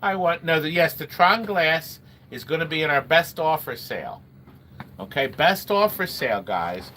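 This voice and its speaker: A man's voice: fairly high pitch, animated, moderate pace, bright, forceful tone. A middle-aged man hosting a casual livestream, chatting in a rambling way and greeting viewers by name. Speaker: livestream host selling arcade games. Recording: noisy room ambience.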